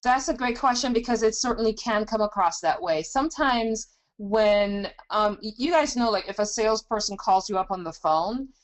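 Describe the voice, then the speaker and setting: A woman guest on a talk show, coaching on sales calls. She talks in an upbeat, gung ho, high-energy way at an ordinary pitch. Her advice comes across lively and casual. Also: normal speed, hardly any pauses.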